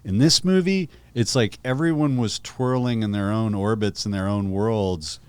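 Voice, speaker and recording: A man with a very low voice chats through a film review on a podcast. He muses aloud and often breaks off to restart a thought. The sound is dry and close, with no room around it. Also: normal speed, clean tone, no echo. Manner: conversational, musing, self-interrupting. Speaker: podcast co-host. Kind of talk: casual film review chat.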